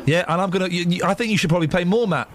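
A man's voice: high-pitched, very fast, a loud crowd. A man presenting a radio show, bantering playfully and teasing with repeated questions. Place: radio studio.

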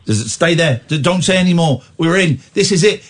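A man's voice: fairly high pitch, expressive, brisk. A man hosting a late-night radio phone-in, joking and ranting playfully. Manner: playful, breaks into mock singing and comic rants. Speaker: radio host. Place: radio studio.

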